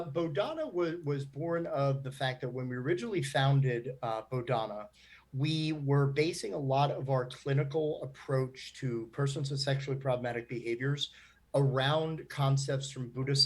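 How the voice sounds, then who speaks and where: A man's voice: medium pitch, moderate pace, darkish tone. A man who founded a nonprofit, answering panel questions in a chatty way with lots of fillers. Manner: chatty, laughs often, many fillers.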